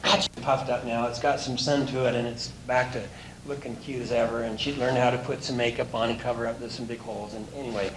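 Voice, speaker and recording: A man's voice: medium pitch, steady tone, fast. A man who works as a motivational speaker and coach, telling anecdotes in a folksy way and chuckling now and then. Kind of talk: anecdotal storytelling talk. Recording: roomy echo with faint hiss.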